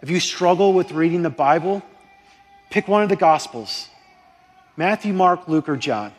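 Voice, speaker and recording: A man preaching a sermon as pastor, passionate and excitable, swinging between loud fervent prayer and hushed urgency. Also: fairly high pitch, moderate pace, faint music behind. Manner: impassioned, rising to near-shouting prayers, then dropping quiet. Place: church sanctuary. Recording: long hall reverb.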